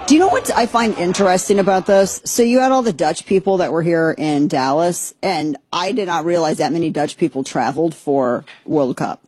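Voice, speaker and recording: A woman's voice: fairly low pitch, moderate pace, few pauses, a little mellow, slightly rough. A woman hosting a podcast, giving chatty, sarcastic, rambling commentary. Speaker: podcast host. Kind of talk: opinionated casual commentary.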